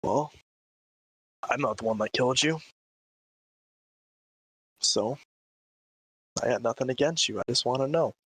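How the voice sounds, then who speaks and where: A man speaking as his character in a tabletop game, blunt and confrontational, with a mid-pitched voice. The recording is dry and close. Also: unhurried, long pauses, a bit bright, slightly rough, no echo, poor audio. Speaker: player.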